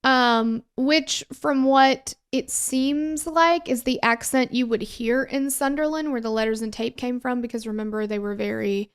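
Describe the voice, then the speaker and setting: A woman with a high voice co-hosts a true crime podcast. She talks casually and animatedly, full of fillers and exasperated asides, as she walks through the case. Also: steady tone, measured pace, hardly any pauses, clean tone. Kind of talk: casual conversational storytelling.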